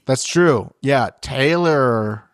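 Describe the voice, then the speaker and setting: A woman co-hosting a podcast who jokes around and acts out quick scenes. Her pitch swings up and down a lot, and the close mic is dry and near. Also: dry recording. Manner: animated, joking, acts out little scenes. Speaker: podcast co-host. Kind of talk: casual chat recapping a reality show.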